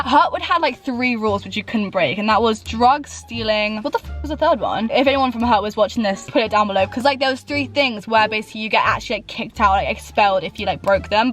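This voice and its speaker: Fast-talking young woman, chatty. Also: a little high, faint music behind. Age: young adult. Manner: chatty and animated, swears freely, laughs often. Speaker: YouTuber. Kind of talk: casual story-time vlog. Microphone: camera mic.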